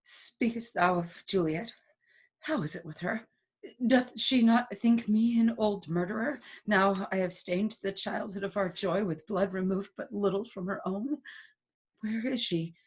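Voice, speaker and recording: A woman reading aloud as a despairing young male lover in a casual play reading, in a quiet, subdued way. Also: medium pitch, unhurried, breathy edge.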